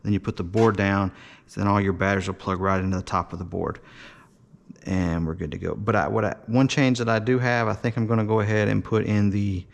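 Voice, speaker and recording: A man's voice: lowish voice, fairly even intonation, a little fast, vocal fry, dull audio. A man casually showing and explaining his model build in a workshop, talking in a loose, rambling way with many fillers and restarts. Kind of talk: casual workshop show-and-tell.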